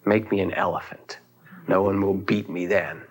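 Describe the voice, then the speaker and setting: A man's voice: sits low, steady tone, normal speed, pitched below the performer's own voice, natural voice. A man voicing a frightened little mouse who begs a wizard for help, in an anxious, pleading way.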